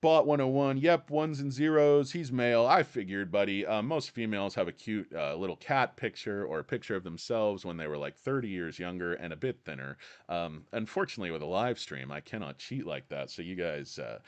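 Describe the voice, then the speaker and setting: A man's voice: on the low side, animated, a little fast, hardly any pauses, smooth. Rambling irreverent man streaming about stocks. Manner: rambling, irreverent, crude jokes. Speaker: live stream host. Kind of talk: casual stock market live stream. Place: his office.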